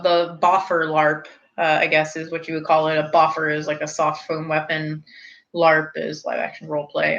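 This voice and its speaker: A woman in her thirties, slightly tipsy, chatting casually with her viewers and rambling off into animated tangents. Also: fairly low pitch, dull audio. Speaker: streamer hosting a snack review.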